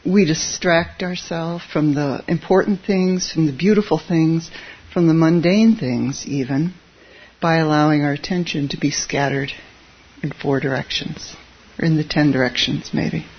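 A Zen teacher giving a relaxed, conversational dharma talk, chuckling at their own asides. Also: medium pitch, a little slow, breathy edge, lo-fi sound.

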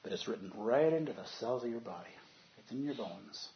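A man giving a dharma talk as a meditation teacher, animated, moving from soft, quiet stretches to loud bursts as he acts out inner voices. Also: medium pitch, brisk, lo-fi sound, a little hiss or hum.

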